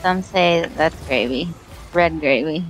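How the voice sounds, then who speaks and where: Slow-talking laid-back woman gamer. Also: deep voice, soft background music, poor audio. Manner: laid-back, giggly, teasing. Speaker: co-player. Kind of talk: casual gaming chat.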